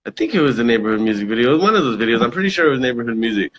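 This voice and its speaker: A man's voice: medium pitch, big pitch swings, racing, dull audio, a little hiss or hum. A man telling stories in a casual interview, laid-back, swearing freely and laughing often. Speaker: rapper being interviewed.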